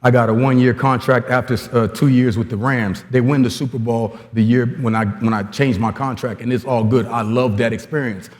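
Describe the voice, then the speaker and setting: A man's voice: medium pitch, big-room sound. A man from Congo gives a blunt, streetwise motivational talk to coaches, full of stories and slang. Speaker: guest speaker at a coaching clinic.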